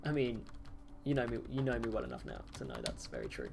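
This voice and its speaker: A man's voice: fairly low pitch, wildly swooping pitch, fast talker, gravelly, a little mellow. A man streaming a game live, chatting casually with viewers in silly, jokey banter and laughing often. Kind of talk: casual live-stream chat while gaming.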